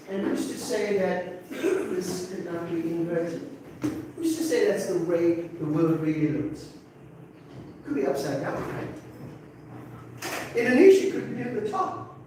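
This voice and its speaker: A man in his sixties from Africa teaches a class with a fairly high voice, talking it through and often checking in with "okay?". He is heard from a distance in a large, very echoey room, with faint ambient sound behind him. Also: noisy background. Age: 60s. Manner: conversational, asks rhetorical questions and checks in with "okay?". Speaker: English teacher. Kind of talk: classroom talk to students.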